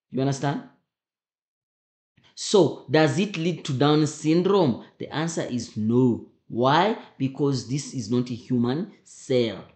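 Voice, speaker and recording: A man's voice: on the high side, a little mellow. A man teaching, going over exam answers with emphatic repetition and frequent checks that students understand. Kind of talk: exam memo walkthrough lesson. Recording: echoey room.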